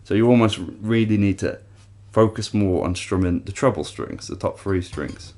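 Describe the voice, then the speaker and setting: Low-voiced guitar teacher counting strums. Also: male voice, moderate pace. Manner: explains step by step, counts strums aloud. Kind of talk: guitar lesson. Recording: loud guitar playing behind.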